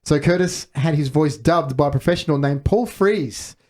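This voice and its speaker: A man's voice: fairly high pitch, moderate pace, a little mellow. Man hosting a film chat, reading out trivia. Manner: leads with questions and reads out trivia. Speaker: podcast host. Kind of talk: casual movie discussion.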